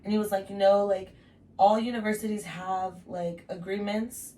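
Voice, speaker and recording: A woman's voice: medium pitch, little pitch movement, moderate pace, dark tone, recorded from a distance, slight background noise. Twenties woman, chatty storyteller who swears casually, recorded a little off-mic. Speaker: podcast host telling her story. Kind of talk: casual podcast chat.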